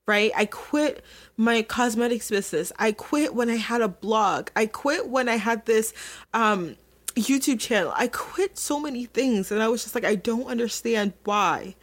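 A woman's voice: on the high side, expressive, moderate pace. A young adult woman hosting her own podcast, talking candidly and chattily straight to her listeners. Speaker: podcast host. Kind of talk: casual solo podcast monologue.

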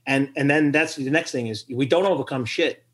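A middle-aged man, a podcast guest, telling a story with lively acted-out quotes and frequent laughter. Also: mid-range voice, brisk. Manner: animated storyteller who acts out quotes and laughs often. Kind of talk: storytelling interview.

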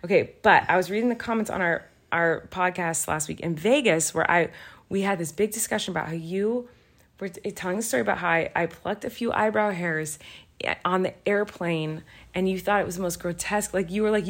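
A woman's voice: lowish voice, fairly quick. A woman in her thirties co-hosting a podcast in casual chat, rambling and sleepy, with yawns in her talk. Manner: rambling, animated, sleepy and yawning. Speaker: podcast co-host.

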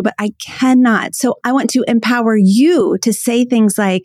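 A woman's voice: on the high side, moderate pace, a little mellow, dry recording, studio quality. A woman hosting a solo podcast as a coach, talking to listeners in an earnest, emphatic way and repeating her key phrases. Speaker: podcast host and ADHD coach.

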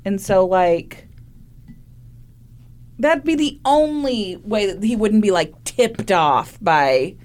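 A woman's voice: mid-range voice, animated, slow pace, pauses often, a little mellow. A woman co-host chatting casually, answering with wry, dry reactions. Her voice swoops freely up and down as she talks. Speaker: podcast co-host. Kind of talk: casual chat.

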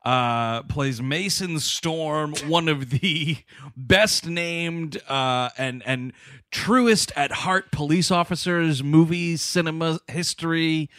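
A man's voice: fairly high pitch, takes it slowly, fairly bright tone, no echo, studio quality. A man co-hosting a comedy podcast, chatting casually and rambling with fillers and laughs. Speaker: podcast co-host.

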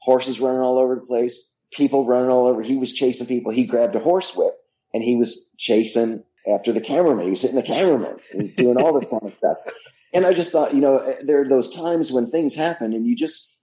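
A man's voice: medium pitch, a little fast, dark tone, poor audio. A man guest telling casual anecdotes in a rambling way, full of "you know" fillers. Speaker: guest, former TV host.

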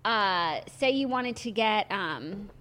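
A woman's voice: mid-range voice, lively intonation, slow, a bit bright. A woman co-hosting a podcast in casual chat, musing aloud and hesitating with fillers. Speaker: podcast co-host.

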